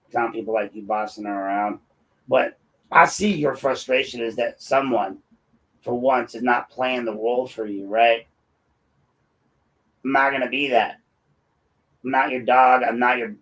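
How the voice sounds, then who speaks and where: A man's voice: medium pitch, moderate pace, pauses often, a bit bright, low-quality recording. A man hosting political commentary, combative and sarcastic, talking straight at his critics. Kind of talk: opinionated commentary.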